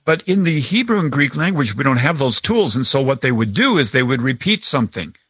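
A man's voice: medium pitch, very animated, brisk, fairly bright tone, slightly rough, no echo. A man teaching about scripture who explains things conversationally and uses everyday examples.

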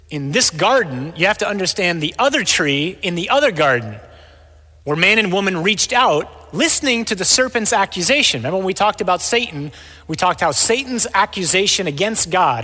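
A man's voice: sits high, bright, forceful tone. A man giving a sermon, asking questions and answering them himself with emphasis. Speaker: preacher. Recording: long reverb in a large hall.

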